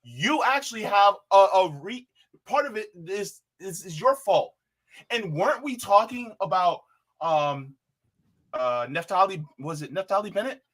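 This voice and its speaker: A man's voice: high voice, measured pace. A man on a political panel, talking heatedly and repeating himself, calling people bruh. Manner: animated, repeats himself, says bruh, mimics others in quotes.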